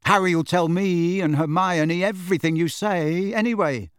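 A man's voice: high voice, moderate pace, fairly bright tone, clear, resonant tone, no echo, clean studio sound, pitched above the performer's own voice. A man voicing a hot-headed, indignant teenage boy. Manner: hot, indignant, then unsure. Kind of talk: audiobook character voice.

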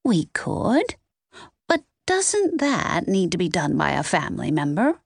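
A woman reading a cozy mystery audiobook voices an elderly grandmother in a slightly higher, hesitant voice. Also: huge pitch swings, measured pace, creaky, slightly rough, no room sound, studio quality, heavily acted.

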